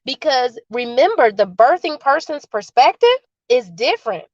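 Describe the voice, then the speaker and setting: A woman guest on an interview, explaining birth and postpartum support earnestly and calmly with examples, over dull video call audio. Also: high voice, moderate pace, no echo.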